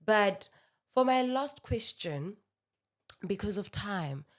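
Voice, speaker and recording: A woman's voice: medium pitch, lively intonation, slow pace. A woman hosting a podcast interview, attentive and affirming. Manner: attentive, affirming, frequent murmurs of agreement. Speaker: podcast host.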